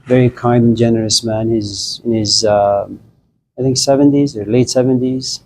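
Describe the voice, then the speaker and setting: With a medium-pitched voice at a moderate pace, this middle-aged man lectures on philosophy, animated and conversational, voicing the people he quotes between anecdotes. The recording is rough, with a little hiss or hum.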